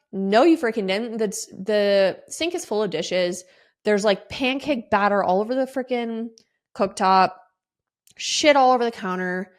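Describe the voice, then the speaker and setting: A woman's voice: medium pitch, unhurried. Woman, forties, podcast host, casual storytelling, exasperated, rambling, swears freely. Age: 40s.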